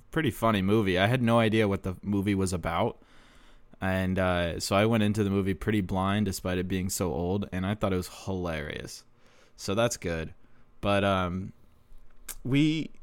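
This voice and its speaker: Casting: young guy, deep voice, dry close sound, rambling and swearing casually through a story. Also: clean tone, no room sound. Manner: rambling, profane, laughs often. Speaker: show promoter telling stories.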